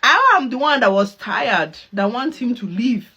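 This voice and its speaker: Mom chatting about her kid, acts out the convo, laughs a lot, super animated. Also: fairly high pitch, unhurried, slightly rough, muffled recording. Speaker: mother reacting to a clip. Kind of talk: casual storytelling.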